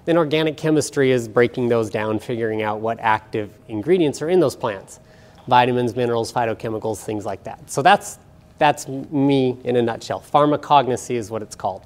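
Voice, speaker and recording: A man's voice: medium pitch, fairly quick. A middle-aged man giving a casual, jokey talk on nutrition to a small audience in an event room. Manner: chatty, jokey, self-deprecating. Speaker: guest speaker on nutrition.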